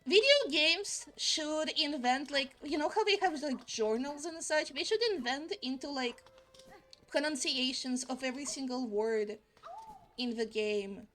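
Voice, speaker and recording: A woman's voice: high voice, measured pace, a bit bright. A woman streaming a video game, chatting casually with lots of giggles and exclamations. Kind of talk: casual live-stream commentary.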